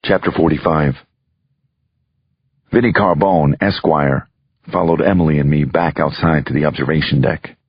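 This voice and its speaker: A man narrating a crime thriller audiobook in the first person, steady and measured. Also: very deep voice, husky, no echo, dull audio.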